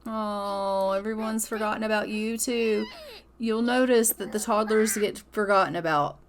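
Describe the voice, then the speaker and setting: Speaking in a mid-range voice at a moderate pace, she keeps a steady tone over a slight hiss or hum. The gaming host is playing casually, fed up with her characters and chiding them, and she narrates what they're thinking as if quoting them.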